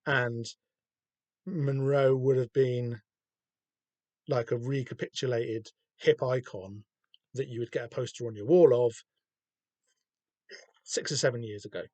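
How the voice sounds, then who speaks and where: Southern English man, mid-pitched, sweary and rambling, dry close mic, casual comic-book chat. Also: fairly even intonation, unhurried, long pauses, a little mellow, no room sound. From Southern England. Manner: rambling, sweary, self-deprecating. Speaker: podcast host.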